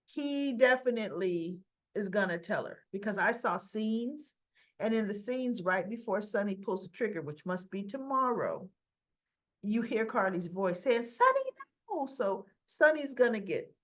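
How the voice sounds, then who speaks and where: A woman giving a chatty, animated soap opera recap. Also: mid-range voice, unhurried. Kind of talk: casual recap. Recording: dull lo-fi recording.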